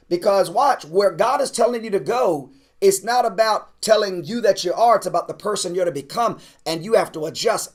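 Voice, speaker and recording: A man, a pastor, talking casually to an online class, urging and repeating himself as he builds energy. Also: high voice. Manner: repetitive, exhorting, building to shouts; casual, uses "man" and "y'all". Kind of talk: energetic preaching pitch to an online audience.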